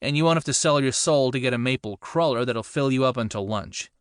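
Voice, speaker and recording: A man voicing a patient, kind police officer who speaks with measured, calm authority. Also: mid-range voice, clean tone, dry recording, clean studio sound, close to an everyday voice.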